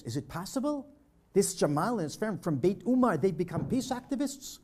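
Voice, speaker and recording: Older male storyteller, mellow tone, brings the quoted dialogue to life for a church audience. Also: sits high. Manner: vivid storyteller acting out dialogue. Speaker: speaker at a peace dialogue presentation. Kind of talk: personal storytelling talk. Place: church hall presentation.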